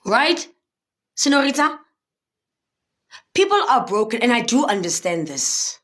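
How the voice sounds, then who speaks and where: A young woman giving a spiritual motivational livestream talk, preachy and animated, often asking viewers if they understand. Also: on the high side, measured pace. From South Africa.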